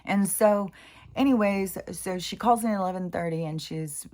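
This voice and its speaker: A woman's voice: medium pitch, moderate pace, darkish tone. A woman speaking in a casual spiritual monologue, rambling and interrupting herself as she tells a story. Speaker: spiritual vlogger. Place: home near mountains in Washington State.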